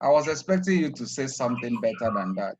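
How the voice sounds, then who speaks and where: A man teaching a class. He repeats key terms slowly and leaves sentences open with "what?" so the students fill in the answer. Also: medium pitch, very animated, husky, highs cut off. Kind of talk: classroom lecture.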